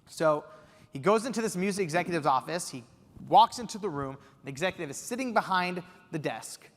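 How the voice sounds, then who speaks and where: Young man, from los angeles, lively keynote storytelling, long hall reverb. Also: high voice, a little fast. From Los Angeles, USA. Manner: animated, acts out quotes. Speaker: keynote speaker. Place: conference hall stage.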